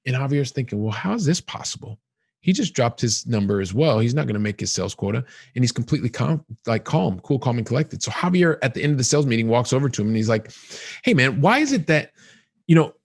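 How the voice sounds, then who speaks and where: A man of middle pitch hosts a podcast and tells a long example story in an animated, looping way. He often repeats phrases for emphasis. The recording is dry and close, with no room sound. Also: quick pace, creaky, breathy edge, no echo. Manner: animated, repetitive storytelling with many "and so" links. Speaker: podcast host. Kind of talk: storytelling explanation to guests.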